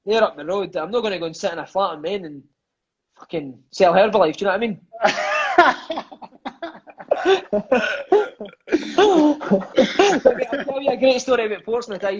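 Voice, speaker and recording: A man's voice: high-pitched, breathy edge, lo-fi sound. A Scottish man in his thirties, a podcast guest and former footballer, chatting casually and swearing, sprinkling his stories with "mate" and "aye". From Scotland. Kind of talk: casual storytelling chat.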